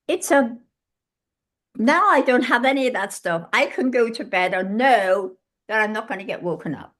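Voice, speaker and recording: An older British woman in her eighties, chatting as an interview guest. Her voice sits in a middle pitch, and she tells stories with plenty of life, slipping into the voices of the people she remembers. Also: normal speed. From England. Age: 80s. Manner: lively, acts out dialogue in her anecdotes. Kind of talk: casual interview storytelling.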